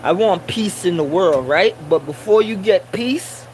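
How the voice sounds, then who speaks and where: Slow, high-voiced preachy man. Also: animated, slight background noise, poor audio. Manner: preachy, repeats points for emphasis; Rasta slang and Caribbean English grammar. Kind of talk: casual monologue.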